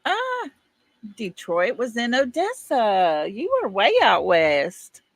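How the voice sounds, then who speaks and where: Her voice on the high side, sing-song and slow, a middle-aged woman with an East Texas accent chats folksily with her livestream viewers and reads their comments. She laughs often, and there's no echo.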